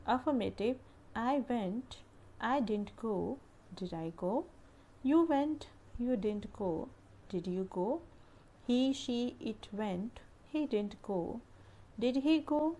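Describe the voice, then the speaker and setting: Slow, careful woman teaching grammar. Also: mid-range voice, warm tone. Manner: careful, drilling word lists. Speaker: English teacher. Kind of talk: slow grammar lesson narration.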